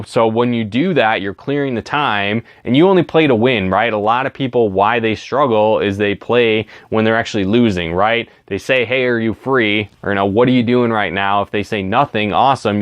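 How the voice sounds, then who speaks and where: A network marketing trainer with a lowish voice gives a casual sales training talk at a brisk clip, barely pausing, with no room sound. He's chatty, keeps tagging lines with "right?", and acts out sample invitations.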